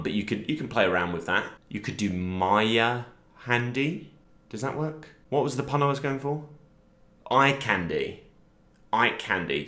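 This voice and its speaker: A young man rambling through a deadpan, self-deprecating comic monologue, pitching silly character ideas. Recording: roomy echo.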